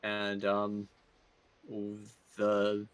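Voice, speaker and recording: A man's voice: fairly low pitch, completely flat delivery, drawn-out words, clean tone. A man playing a tabletop game, chatting casually and trailing off with ums. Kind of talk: casual chat.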